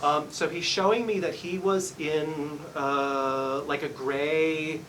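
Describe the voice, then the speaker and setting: A man's voice: a little high, fairly even intonation, slow pace, fairly bright tone, far from the mic, a little hiss or hum, poor audio. A man working as a psychic medium, giving a live reading in a salon and politely apologizing as he relays messages. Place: hair salon, indoors.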